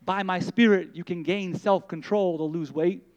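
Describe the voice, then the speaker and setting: A man voicing the Lord in a sermon story, speaking softly and tenderly to a weary woman. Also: high voice, steady tone, dull audio, close to an everyday voice. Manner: soft, tender, slow.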